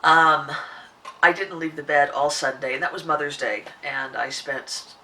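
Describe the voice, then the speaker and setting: A woman hosting a podcast in casual chat, her voice husky and hoarse from a sore throat, rambling with many restarts. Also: steady tone, a little slow, sharp tone, recorded from a distance. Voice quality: husky, deeper than usual. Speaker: podcast host.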